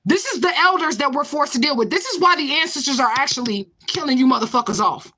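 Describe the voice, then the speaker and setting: A woman's voice: high-pitched, expressive, fast, bright, forceful tone, a little hiss or hum. A woman in her forties in a confrontational, profane vlog rant, answering a commenter with repeated questions. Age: 40s. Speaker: vlogger. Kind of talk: ranting to camera.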